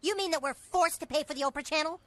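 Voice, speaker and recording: A woman's voice: high-pitched, fast, a crowd in the background, natural voice. A woman voicing an indignant cartoon mother arguing with a cable company.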